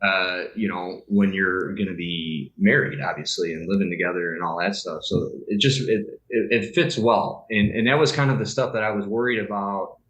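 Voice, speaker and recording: A man's voice: low-pitched, moderate pace, hardly any pauses, a bit bright. Rambling man in an echoey room. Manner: rambling, hesitant with many fillers. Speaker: guest. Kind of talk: casual podcast chat.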